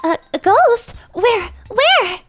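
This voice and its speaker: A woman's voice: very high-pitched, very animated, slow pace, a bit bright, no room sound, faint music behind, pitched above the performer's own voice, heavily acted. A woman voicing a cheerful, giggly young girl in a game, with a bubbly, laughing manner. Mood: bright.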